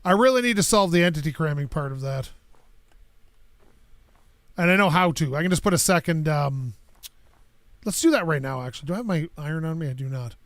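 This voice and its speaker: High-voiced chatty man streaming a game. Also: lively intonation, fairly quick, pauses often, a bit bright, no echo. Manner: rambling, chatty, talks to himself and chat. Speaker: gaming streamer. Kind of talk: casual gameplay commentary.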